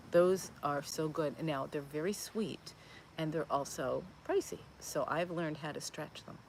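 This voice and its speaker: A woman's voice: low-pitched, normal speed, a little mellow, a little hiss or hum. A woman in her fifties hosting a live Q&A stream, chatting in a rambling way with lots of fillers and restarts as she answers viewer comments. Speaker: host of a plant-based cooking channel.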